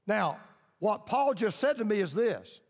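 A man's voice: high voice, big pitch swings, measured pace. A man pastor preaching a sermon emphatically, repeating lines for stress and leading his congregation in call-and-response. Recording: long reverb of a large hall.

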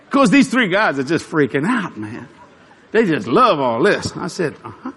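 A man preaching a sermon, telling a funny story with frequent chuckles and shouted punchlines. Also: a little high, normal speed, some chatter behind. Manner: animated, chuckling, shouts for emphasis.

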